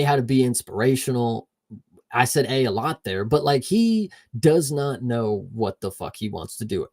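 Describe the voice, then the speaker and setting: A young man chats through a show recap on a podcast, his voice warm and mellow. He gets animated and profane, jumping into quick put-on voices to act out scenes. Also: mid-range voice. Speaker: podcast co-host. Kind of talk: casual show recap chat.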